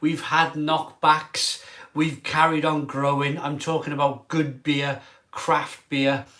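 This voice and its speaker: A man in an emotional vlog monologue as a craft beer reviewer. He sounds tearful and halting, and often trails off mid-sentence. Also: on the high side, level tone, sharp tone.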